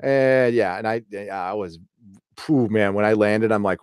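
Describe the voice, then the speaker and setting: A man's voice: on the low side, animated, moderate pace, no room sound. Profane, rambling man in a dry room. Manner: rambling, profane, laughs at own stories. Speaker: host reading live chat. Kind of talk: casual live-stream chat.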